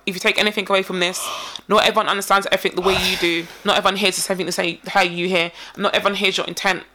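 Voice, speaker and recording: Bright, fast-talking young woman. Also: mid-range voice, a little hiss or hum. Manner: animated, slangy, acts out quotes. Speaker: podcast guest. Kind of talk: casual podcast chat.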